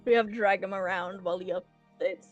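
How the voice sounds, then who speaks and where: A woman's voice: mid-range voice, steady tone, fairly quick, soft background music. A woman playing a tabletop game, joking playfully, on a slightly muffled microphone. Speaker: player. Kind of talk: casual tabletop play.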